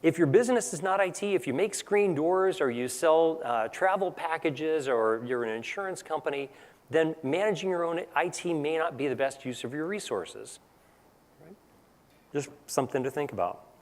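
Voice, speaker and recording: A man's voice: fairly high pitch, expressive, normal speed, long reverb tail. A man giving a conference presentation in a casual, conversational way, tagging points with "right?". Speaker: technical presenter. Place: large conference hall.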